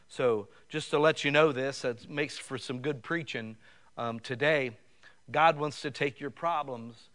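Man, middle-aged, pastor, sermon, somewhat high pitch, conversational to fervent. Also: normal speed, fairly bright tone. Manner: conversational, builds to fervent raised passages.

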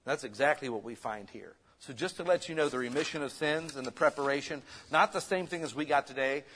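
A man preaching a sermon as pastor, conversational and lively, swinging between loud bursts and soft asides. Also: mid-range voice, brisk, slight background noise.

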